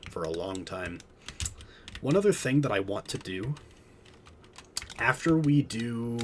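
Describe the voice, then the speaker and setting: A man's voice: lowish voice, a bit bright, slight background noise. A man streaming a game, chatting casually and explaining the mechanics as he plays. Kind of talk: casual gameplay commentary.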